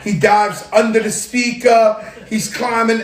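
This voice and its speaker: A man hosting his own show, telling stories in a lively, casual way. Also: very high voice, unhurried. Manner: animated, tells stories with hype and sound effects. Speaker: show host. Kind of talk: casual storytelling monologue. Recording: roomy echo.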